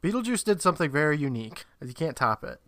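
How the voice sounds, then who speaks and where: A man's voice: a little high, big pitch swings, a bit bright, dry recording. Man, podcast co-host, casual plot recap, chatty asides, dry recording. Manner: retells plot with quick asides and laughs.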